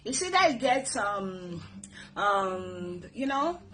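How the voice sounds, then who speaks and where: A middle-aged woman with a Nigerian accent, hosting a casual advice talk. She reads viewer comments in an animated, preachy way, blessing her viewers. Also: medium pitch, slow pace, slight background noise, low-quality recording. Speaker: host.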